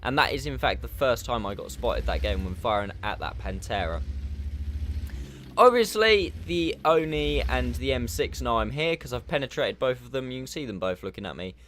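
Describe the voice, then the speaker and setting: A man narrates a game replay in a casual, chatty way, tossing in jokey asides. His pitch swings widely and he sounds animated. A faint hiss sits under his voice. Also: normal speed. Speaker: gaming commentator. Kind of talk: casual gameplay commentary.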